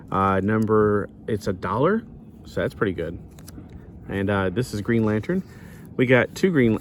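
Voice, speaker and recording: Low-voiced man rambling through a comic review. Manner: meandering, loses his place and corrects himself. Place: outdoors near the beach. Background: faint wind.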